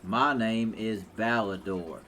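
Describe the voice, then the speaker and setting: A man voicing a friendly male dwarf adventurer with a Southern US accent, giving slow, formal greetings. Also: on the low side, a bit bright.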